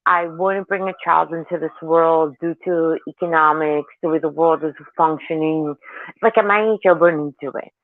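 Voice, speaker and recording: A woman's voice: deep voice, steady tone, normal speed, dry recording. A woman in her forties chatting casually as a caller, rambling and candid, telling stories animatedly. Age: 40s. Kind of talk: casual chat. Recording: tinny dry phone line.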